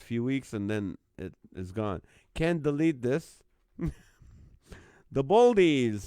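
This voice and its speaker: This man's voice is a little high, smooth and darkish, captured in a dry, studio-quality recording. Hosting a live call-in comedy stream from home by phone, he chats casually and laughs repeatedly as he reads out viewers' joke band names.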